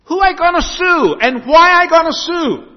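A man's voice: very high-pitched, pitched above the performer's own voice. A man doing a flustered man in broken English. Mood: bewildered. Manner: pleading, excitable, halting broken English. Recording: dull echoey hall recording.

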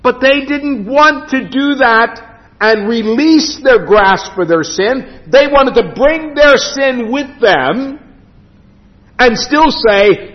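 Man, pastor, emphatic sermon, dramatic pauses, long reverb, muffled recording. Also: extremely high pitch, animated. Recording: dull lo-fi sound with long hall reverb.

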